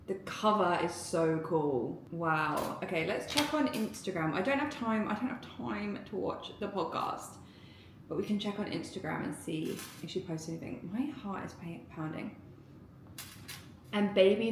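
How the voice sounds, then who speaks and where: A woman vlogging casually at home, excitable and giggly, rambling with lots of fillers. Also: mid-range voice, slight background noise. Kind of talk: casual vlog chat to camera. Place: indoors at home, getting ready. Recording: echoey room.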